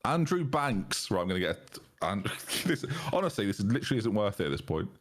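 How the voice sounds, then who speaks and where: A man hosting a live game stream and ribbing his friends in casual chat. His voice sits very low but swings widely as he jokes. He talks over a voice chat mic. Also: sing-song, quick pace. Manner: teasing, jokey. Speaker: streamer host.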